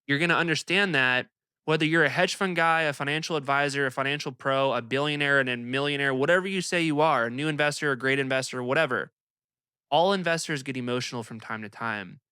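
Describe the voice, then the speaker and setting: A young man hosting an investing video, talking to camera in an energetic, emphatic, conversational way. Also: mid-range voice, quick pace, clear, resonant tone, no room sound, studio quality. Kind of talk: casual commentary to camera.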